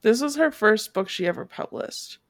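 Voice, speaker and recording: A woman's voice: fairly high pitch, lively intonation, moderate pace, dry recording, studio quality. A young woman chatting casually as a podcast co-host, trailing off with fillers. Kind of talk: casual chat.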